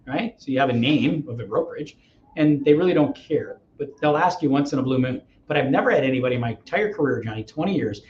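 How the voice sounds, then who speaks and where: Energetic middle-aged man, roomy dull audio. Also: mid-range voice, quick pace, a little hiss or hum. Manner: energetic, acts out dialogues, persuasive. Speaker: real estate agent, podcast guest. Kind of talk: interview storytelling.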